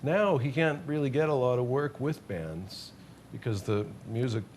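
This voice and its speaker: A man's voice: mid-range voice, animated, moderate pace, darkish tone, a little hiss or hum. Rambling, self-deprecating male musician guest. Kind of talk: casual interview chat.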